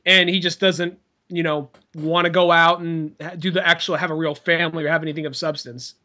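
A young man co-hosting a casual podcast chat, animated and swearing freely as he retells scenes. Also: brisk. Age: young adult. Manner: animated, swears freely, acts out quotes in a high voice. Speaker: podcast host.

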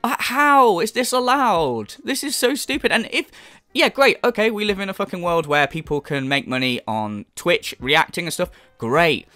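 A man rants through a reaction commentary, sarcastic and profane, his pitch leaping up and down as he mocks and scolds. He sounds close to the mic in a dry, dead room. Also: expressive, moderate pace, pushed and bright, no room sound, faint music behind. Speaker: commentary YouTuber.

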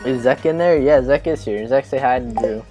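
A man's voice: mid-range voice, moderate pace, over music. A man streaming a game live, chatting and joking crudely with friends on voice chat. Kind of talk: casual gaming banter on live stream.

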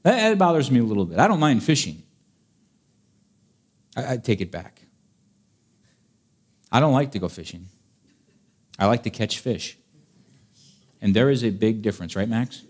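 Brief: male preacher, middle pitch, lively swooping delivery, folksy and playful, acts out the Bible stories. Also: moderate pace, pauses often. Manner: chatty and playful, acting out Bible scenes; reads scripture in old-fashioned wording. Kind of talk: sermon.

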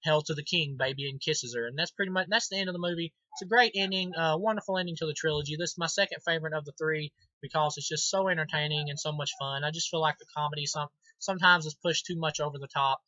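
A man's voice: on the high side, quick pace, hardly any pauses, pushed and bright, no room sound, dull audio. A man giving a casual movie review, enthusiastic and rambling, with many ums and restarts. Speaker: film reviewer.

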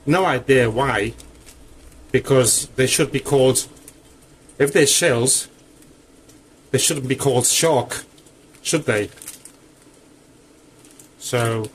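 A man's voice: mid-range voice, takes it slowly, long pauses, a little hiss or hum, rough recording. A man cooking in his home kitchen, talking casually through the steps with chatty asides, a little out of breath. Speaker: home cook.

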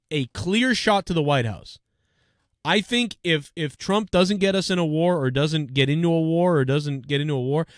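A man's voice: fairly high pitch, no room sound, clean studio sound. A man hosting a live stream, ranting heatedly and swearing as he scolds and mocks. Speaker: live show host. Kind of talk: profane live-stream rant.

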